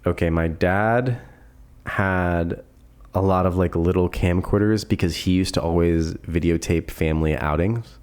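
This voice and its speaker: Podcast guest: man in his 20s, very deep voice, easygoing, rambling storyteller. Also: measured pace, clear, resonant tone. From Florida. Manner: relaxed, rambling storyteller with laughs and fillers. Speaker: guest filmmaker. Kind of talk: casual podcast chat.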